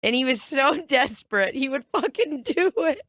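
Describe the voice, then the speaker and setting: A woman's voice: high voice, expressive, moderate pace, a bit bright, no room sound. A woman co-hosting a comedy podcast, telling a story in casual chat and laughing through her words. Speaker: podcast co-host.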